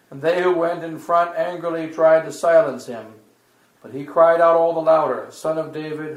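A man, a priest, giving a measured, declamatory liturgical reading of scripture. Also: a little high, roomy sound, low-quality recording.

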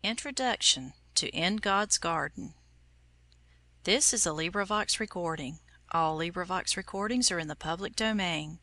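Bright-voiced woman reading calmly. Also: on the low side, normal speed, no echo. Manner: calm, reverent reading. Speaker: audiobook reader. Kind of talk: scripted narration.

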